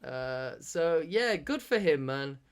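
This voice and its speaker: A man's voice: on the high side, sing-song, slow, smooth. A man co-hosting a podcast, chatting casually, rambling with restarts and casual swearing. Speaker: podcast co-host. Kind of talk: casual chat.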